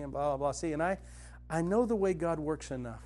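A middle-aged man giving a conversational spiritual teaching, telling personal stories earnestly, his voice dropping soft and low, then rising with conviction. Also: fast, a little hiss or hum. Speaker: Christian teacher and author.

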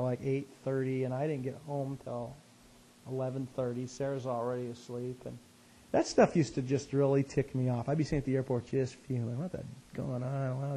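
A man telling a personal story in a conversational sermon, animated and self-deprecating, his voice jumping up high when he gets excited. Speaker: speaker, Christian teacher. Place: West Coast of the US.

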